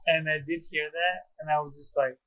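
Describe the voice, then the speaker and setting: A man's voice: fairly high pitch, little pitch movement, fairly quick, dull audio. A young man co-hosting a podcast, chatting casually and enthusiastically, laughing often. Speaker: podcast co-host. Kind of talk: casual chat.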